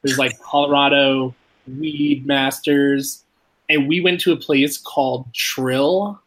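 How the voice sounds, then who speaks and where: Rambling young man telling a story. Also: slow pace. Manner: rambling, profane, heavy use of "like"; animated, jumps high when quoting himself. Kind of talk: casual storytelling.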